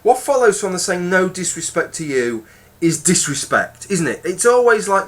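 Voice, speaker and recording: Bright-voiced British man ranting. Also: high-pitched, a little fast. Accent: British English. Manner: animated, sweary, repeats words and restarts often. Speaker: YouTube vlogger. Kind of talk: casual rambling monologue.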